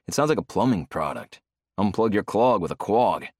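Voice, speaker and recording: Narrator as grumbly joking hockey guy, deep, close dry sound. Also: big pitch swings, moderate pace, husky, dry recording. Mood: grumbling. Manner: grumbling, jokey. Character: grumbling young male hockey player.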